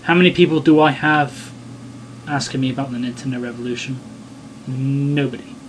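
A man's voice: medium pitch, steady tone, normal speed, background noise. A man hosting a casual podcast, sarcastic and blunt, swearing freely as he banters. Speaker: podcast host.

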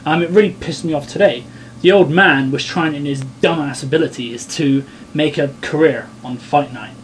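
A man's voice: fairly high pitch, moderate pace, a little hiss or hum. A man hosting a casual podcast, sarcastic and blunt, swearing freely as he banters. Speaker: podcast host.

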